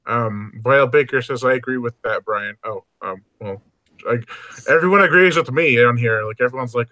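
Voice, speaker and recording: A man's voice: medium pitch, bright, forceful tone, no room sound. Male host, casual live-stream banter, frequent laughs, hesitant ums, mid-range voice. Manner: laughs often, halting with ums.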